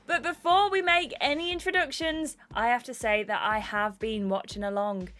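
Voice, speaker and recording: A woman reading game dialogue aloud as a bubbly, starstruck young female VIP host with gushing, excitable fangirl chatter. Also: on the high side, moderate pace, natural voice. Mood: gossipy.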